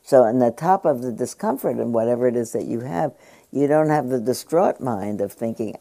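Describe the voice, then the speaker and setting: Low, gravelly-voiced woman teaching meditation. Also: expressive, warm tone. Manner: conversational, pausing with fillers while paraphrasing a book. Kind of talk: dharma talk.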